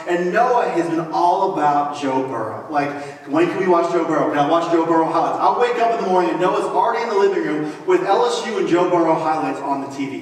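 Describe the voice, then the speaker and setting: A man in his thirties preaches in a relaxed, chatty way, dropping jokes into the sermon. His voice sits a bit high for a man. It rings through a big reverberant hall, picked up from a distance. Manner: conversational, joking asides. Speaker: pastor. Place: large church auditorium. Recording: echoey hall, mic from afar.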